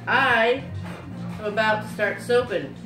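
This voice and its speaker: Bubbly woman hosting a home how-to, slow and chatty, roomy echo with music behind. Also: medium pitch, expressive. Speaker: soap maker. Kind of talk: casual how-to vlog.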